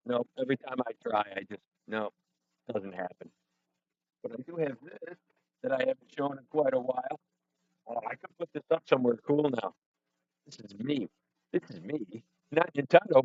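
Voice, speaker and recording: A man hosts a casual livestream from his home studio, wandering off topic and chatting to viewers as he fixes his setup. His voice is mid-pitched, and it sounds dull and muffled. The sound is dry and close, with no room echo. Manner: rambling, self-deprecating, talks to chat and himself. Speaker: livestream host. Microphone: headset or desk mic with headphones. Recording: dull, muffled stream audio.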